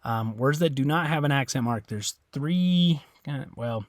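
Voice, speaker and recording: A man's voice: medium pitch, dry recording, studio quality. Patient male teacher checking "okay?". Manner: patient, repeats "okay?" often, models words slowly. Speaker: Spanish teacher. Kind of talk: classroom lesson explanation.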